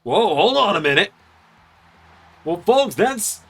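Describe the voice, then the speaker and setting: A man hosting and commentating on a wrestling video game series, doing chatty, excitable play-by-play with jokes. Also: sits high, takes it slowly, breathy edge.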